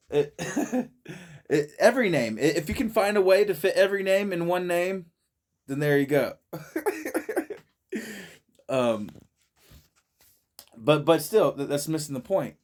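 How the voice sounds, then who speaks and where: A man's voice: fairly high pitch, normal speed, pauses often, a little mellow. A man in a friend's shed talking casually, stumbling over and repeating words, swearing freely and laughing often. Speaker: vlogger reacting to a video. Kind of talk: casual profane monologue.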